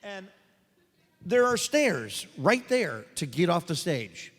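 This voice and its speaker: On a convention panel stage, a male voice actor tells jokey stories and answers questions, acting out the quoted voices. His delivery is slow, fairly high and very lively, and the hall is reverberant.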